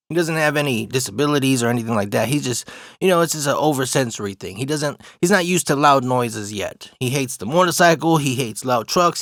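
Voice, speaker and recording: A man's voice: medium pitch, a bit bright, dry recording, clean studio sound. A young man telling a rambling, profane restroom story in a casual storytime monologue, laughing as he goes. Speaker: vlogger.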